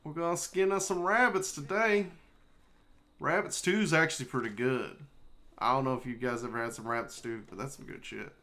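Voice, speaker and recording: A man's voice: mid-range voice, fairly even intonation, a little fast, bright, forceful tone. A man chatting and joking casually while livestreaming a video game, swearing now and then. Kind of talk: casual gaming chat.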